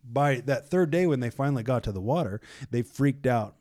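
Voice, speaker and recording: A man at a middle pitch with a warm, mellow tone, chatting casually as he retells a Bible story. He talks loosely with lots of "like" and "you know," and acts out a panicking crowd now and then. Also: moderate pace. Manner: loose and animated, many fillers like "like" and "you know".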